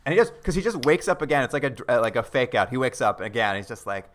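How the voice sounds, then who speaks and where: A man's voice: mid-range voice, quick pace. A man co-hosting a podcast, casually retelling a TV episode scene by scene and acting out the characters' lines. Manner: animated retelling with quoted lines and laughs. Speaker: podcast co-host.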